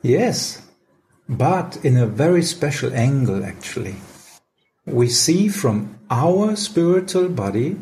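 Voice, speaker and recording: Man, measured devotional discussion leader, unhurried explanatory delivery. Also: mid-range voice, sing-song, darkish tone.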